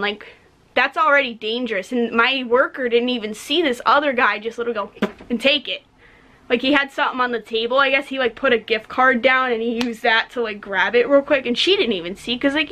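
A young American woman who works as a retail cashier vents bluntly about customers in a casual vlog. Her voice is fairly high and sharp, and she swears freely and says "like" constantly.

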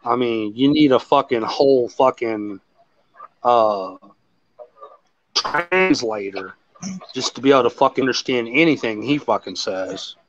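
A man's voice: mid-range voice, a little slow, pauses often, no room sound, dull audio. A man chatting casually as a host, rambling and swearing as he tells stories. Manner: rambling, profane, animated storytelling. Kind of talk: casual chat.

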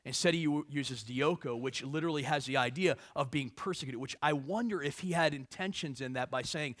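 A middle-aged man preaching a sermon as pastor, swinging between hushed asides and raised, emphatic passages. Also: on the high side, fairly quick, few pauses, no room sound, clean studio sound.

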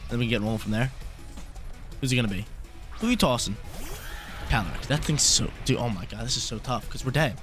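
A young man giving excitable live commentary on his own game, talking to himself and repeating phrases. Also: medium pitch, fast talker, long pauses, over music. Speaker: gaming YouTuber.

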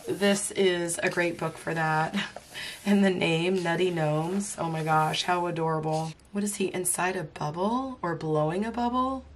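Woman host, slow and giggly, slightly low voice, strained from illness, faint noise behind. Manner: giggly, laughs often, amused exclamations. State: voice strained, talking hurts while unwell. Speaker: coloring book reviewer. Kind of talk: casual flip-through commentary.

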